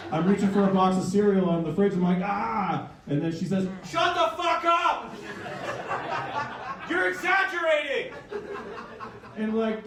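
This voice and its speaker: A man in his thirties from Canada delivers a rambling, self-deprecating stand-up set in a fairly high voice. He is picked up from a distance in a very echoey comedy club. Audience laughter rises around him. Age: 30s.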